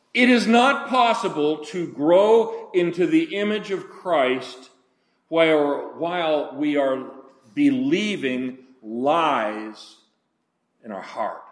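An older man preaching a sermon, deliberate and slowing down, his voice dropping for emphasis. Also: a little high, animated, reverberant. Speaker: pastor.

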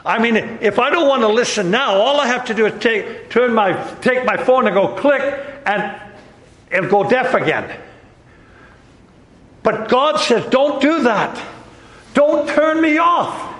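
A man's voice: very high-pitched, expressive, measured pace, a bit bright. A man preaching a sermon in a church. He speaks emphatically and keeps repeating rhetorical questions. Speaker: pastor. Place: church sanctuary. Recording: echoey hall with long reverb.

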